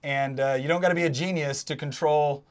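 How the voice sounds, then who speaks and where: Man, high voice, sarcastic, casual chat, co-host. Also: fairly even intonation. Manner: joking, sarcastic, quick asides.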